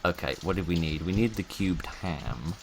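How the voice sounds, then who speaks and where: Deep-voiced man's wry gameplay chatter. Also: lively intonation, moderate pace, vocal fry, noisy background. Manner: wry, chatty, talks to himself while playing. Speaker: gaming YouTuber. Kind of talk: casual let's-play commentary.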